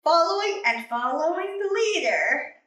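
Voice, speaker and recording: A woman reading a children's picture book aloud, with a high, bright voice that swoops all over as she paces herself slowly. She sounds roomy and echoey, set back from the microphone. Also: recorded from a distance. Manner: expressive and animated. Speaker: storybook reader. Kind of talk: children's story read-aloud. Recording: echoey room, away from mic.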